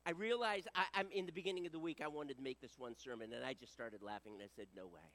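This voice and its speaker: A man preaching a sermon as pastor, earnest and exhorting, going soft in prayer and loud for emphasis. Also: medium pitch, quick pace. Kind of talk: sermon with scripture reading and prayer.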